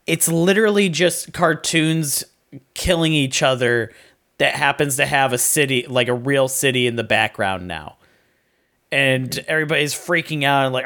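A man's voice: mid-range voice, normal speed, fairly bright tone. A man casually chatting as a podcast co-host, with wry, sarcastic asides. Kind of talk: casual movie review chat.

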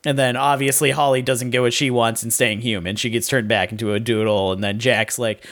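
A man's voice: medium pitch, fairly even intonation, a little fast, few pauses, a bit bright. A man casually chatting as a podcast co-host, with wry, sarcastic asides. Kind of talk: casual movie review chat.

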